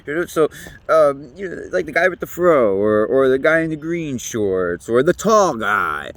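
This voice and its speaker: A man's voice: fairly high pitch, sing-song, normal speed. A man talking in a rambling, profane monologue as a podcast host, laughing often and swinging between loose musings and heated rants. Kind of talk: casual monologue.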